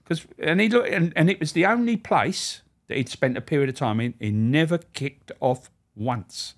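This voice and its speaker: A man, a former prison officer, telling profane, animated stories as a podcast guest. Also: a little high, normal speed. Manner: animated, profane, laughing storyteller. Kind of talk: anecdotal storytelling.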